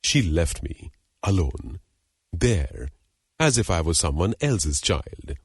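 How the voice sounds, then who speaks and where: A man reading the part of a proud, wronged young woman, a hermit's daughter, in an audiobook legend, with measured, formal, dignified delivery. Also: sits low, sing-song, slightly rough, no room sound, studio quality, full character voice. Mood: pleading.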